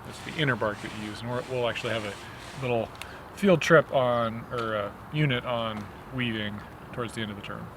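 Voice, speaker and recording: A man's voice: medium pitch, fairly quick, a bit bright, slight background noise. A man teaching a botany field lesson outdoors among trees, explaining in a friendly way and telling a folk tale.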